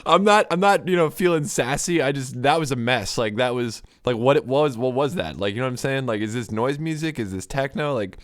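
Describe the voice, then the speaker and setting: A man's voice: mid-range voice, dry recording, studio quality. A young man hosting a music review livestream, chatting loosely with frequent laughs and fillers. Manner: rambling, laughs often, lots of "like" and "you know". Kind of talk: casual chat.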